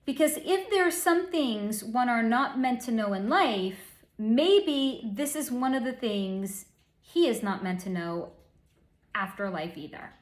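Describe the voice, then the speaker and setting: A woman's voice: on the high side, animated, unhurried. A woman hosting a casual psychic reading, talking in a snarky, sarcastic, profane way. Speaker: psychic channel host. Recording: roomy echo.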